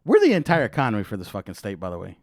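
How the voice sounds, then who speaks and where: A man's voice: lowish voice, wildly swooping pitch, racing, dry recording, clean studio sound. A young man hosting a podcast, telling a story in a loose, profane way, full of "dude" and "bro". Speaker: podcast host. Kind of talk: casual podcast chat.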